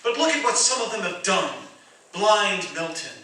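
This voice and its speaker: A man's voice: sits high, very animated, moderate pace, bright, forceful tone, heavily acted. A man in a radio play voicing Goodwill, a small boy spirit who lectures people in an earnest tone. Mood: stern preaching. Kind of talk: amateur radio drama acting. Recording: roomy echo, distant mic.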